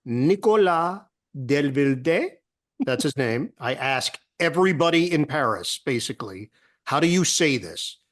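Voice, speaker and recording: A middle-aged man, a sportscaster guest, telling a story in a casual interview and acting out the voices of people he quotes. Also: medium pitch. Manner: animated storyteller who acts out quoted voices.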